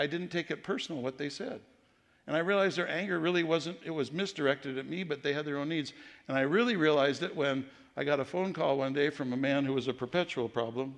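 A man's voice: on the high side, creaky. A middle-aged man preaching as a pastor, telling personal stories in a conversational way with frequent restarts. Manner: storytelling, conversational with repeated restarts. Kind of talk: sermon. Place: church sanctuary. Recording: reverberant church hall.

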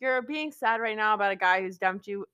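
A woman's voice: mid-range voice, a little fast, bright, forceful tone, smooth. A young woman co-hosting a podcast, mostly listening and answering with short, supportive replies in casual chat. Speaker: podcast co-host.

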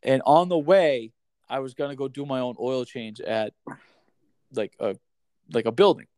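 A man telling a rambling, animated story in casual podcast chat, swearing freely and saying "like" and "dude" a lot. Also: medium pitch, normal speed, no room sound.

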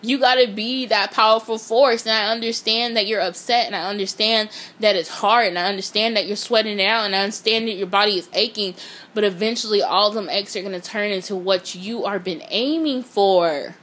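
A woman's voice: medium pitch, fairly quick, fairly bright tone. A woman giving a blunt, profane motivational talk, speaking straight to her viewers. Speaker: motivational vlogger.

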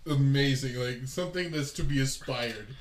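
A young man in his twenties chatting, animated and restarting his sentences. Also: medium pitch, moderate pace, echoey room, background noise. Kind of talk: casual chat.

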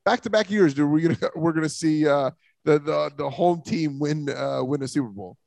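Brief: male sports-talk host, slightly high voice, dry close mic, blunt and opinionated, repeats himself when riled. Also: normal speed, creaky, a little mellow, dry recording. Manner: opinionated, emphatic, stumbling restarts. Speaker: podcast host.

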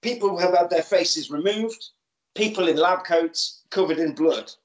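A man co-hosting a casual podcast, retelling a film with quick put-on voices for its characters. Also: high voice. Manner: animated, acts out lines in quick put-on voices. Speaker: podcast co-host. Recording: echoey room.

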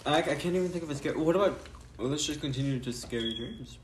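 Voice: medium pitch, fast talker, roomy sound. Young co-host, casual reactive chat, faint background noise. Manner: reactive, short interjections. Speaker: podcast co-host.

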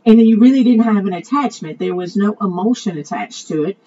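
A woman's voice: mid-range voice, expressive, fairly quick, mellow. A woman earnestly telling a long personal story in an emotional monologue, rambling and repeating her words. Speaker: vlogger sharing a personal story. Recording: dull lo-fi audio with faint ambient noise.

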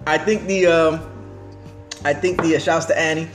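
A man's voice: fairly high pitch, steady tone, normal speed, faint music behind. A man hosting a casual podcast, talking in a laid-back, slangy way with lots of fillers while eating. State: talking with his mouth full. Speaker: podcast host. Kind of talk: casual chat.

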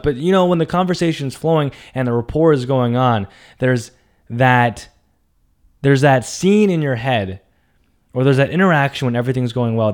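A young man telling a personal story, animated, acting out quotes with loud outbursts. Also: mid-range voice. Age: young adult. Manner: animated, acts out quotes with big loud jumps.

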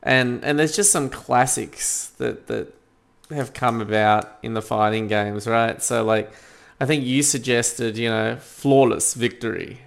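Gravelly man co-hosting. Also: mid-range voice, unhurried. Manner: joking, animated when riled up. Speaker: podcast co-host. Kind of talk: casual chat.

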